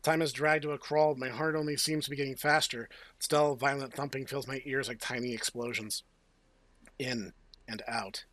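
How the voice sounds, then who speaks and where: A man's voice: medium pitch, fairly even intonation, moderate pace, fairly bright tone, no echo. Playful man, dry close sound. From United States. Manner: playful, jokey asides. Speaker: host. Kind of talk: let's play, reading game text aloud.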